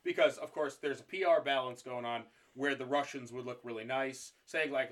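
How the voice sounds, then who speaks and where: A man's voice: mid-range voice, steady tone, normal speed, hardly any pauses, a bit bright. A man co-hosting a podcast, telling history in casual chat with jokes and swearing. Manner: swearing, joking storyteller. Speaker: podcast co-host.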